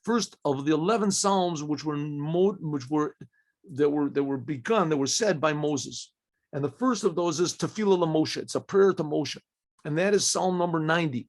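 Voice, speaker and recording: A rabbi teaches a Torah class in a high, gravelly voice. He talks haltingly, restarting phrases and clearing his throat often. He poses questions to himself and answers them.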